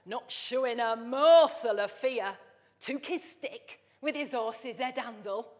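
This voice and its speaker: A woman voicing an old northern nana, reciting a comic poem slowly and dramatically in a put-on Wigan accent. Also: a little high, darkish tone, long reverb tail. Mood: hammy storytelling. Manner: slow, sing-song dramatic recitation.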